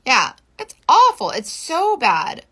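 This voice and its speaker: A woman's voice: high-pitched, wildly swooping pitch, slow, fairly bright tone, slightly rough. A woman in her thirties from Florida, chatting and venting on a makeup livestream, talkative and exasperated, with the odd swear word. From Florida, USA. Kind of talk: casual livestream chat.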